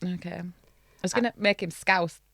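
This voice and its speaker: A woman's voice: lowish voice, normal speed, vocal fry, a bit bright, dry recording, clean studio sound. A woman co-hosting a podcast, chatting casually and reading a fairy tale aloud, joking and laughing often. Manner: jokey, laughs often, puts on voices for characters. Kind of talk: casual chat and storybook reading.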